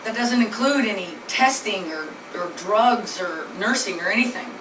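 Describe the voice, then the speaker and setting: A woman's voice: mid-range voice, lively intonation, normal speed. A woman telling her husband's illness story in an earnest, plainly spoken way, speaking from a distance in a noisy, echoey room. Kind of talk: personal storytelling presentation.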